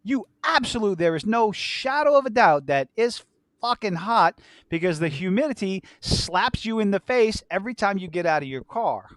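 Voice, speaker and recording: A man's voice: high-pitched, big pitch swings, moderate pace, fairly bright tone, no echo, clean studio sound. A man co-hosting a casual podcast chat, from southern Louisiana, rambling, laughing often and swearing. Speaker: podcast co-host.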